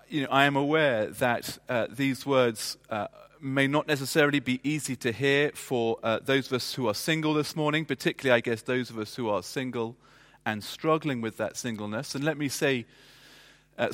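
A man's voice: mid-range voice, fairly bright tone. Man preaching in a reverberant church. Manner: measured, emphatic delivery with frequent fillers. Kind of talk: sermon.

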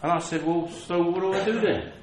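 A man's voice: high-pitched, fairly quick, darkish tone, slight background noise. A man preaching a sermon, telling personal stories in a conversational, self-mocking way. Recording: echoey hall with faint ambience.

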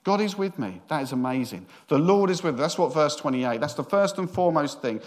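A man's voice: fairly high pitch, very animated, brisk. A middle-aged man, a senior minister giving a sermon in a chatty, joking storytelling way.

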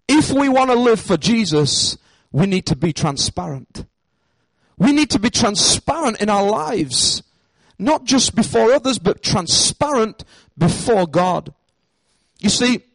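A man's voice: high voice, no room sound, poor audio. A man preaching a sermon in a church, emphatic and repeating his key phrases. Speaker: pastor.

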